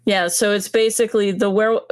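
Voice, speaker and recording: A woman's voice: medium pitch, fairly even intonation, moderate pace, clear, resonant tone, no room sound, clean studio sound. A woman being interviewed as a comic book creator, explaining her work in a hesitant way with many ums. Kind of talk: casual interview talk.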